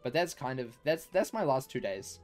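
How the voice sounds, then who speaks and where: A man talking casually to his live stream audience, rambling through a story with plenty of fillers and false starts. His voice sits at a middle pitch, with soft music playing quietly behind him. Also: big pitch swings, moderate pace.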